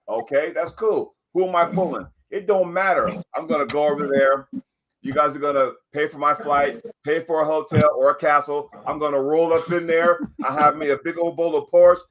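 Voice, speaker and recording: A man's voice: fairly high pitch, a little fast, fairly bright tone. An American man boasting on a talk show, swaggering and repetitive, acting out little scenes of what he will do. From United States. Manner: swaggering, repetitive, acts out quotes.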